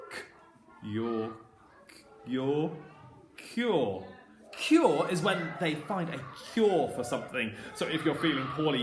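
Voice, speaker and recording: A man's voice: medium pitch, fairly bright tone, a little hiss or hum. A man teaching a phonics lesson to young children, with a southern English accent and a playful, sing-song way of talking. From southern England. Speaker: primary school teacher. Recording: echoey room with faint ambience.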